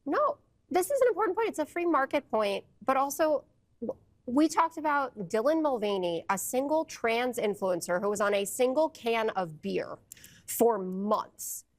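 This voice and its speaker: A woman's voice: on the high side, animated, moderate pace. A woman on a TV panel who argues her case step by step in a debate. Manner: argumentative, builds a case.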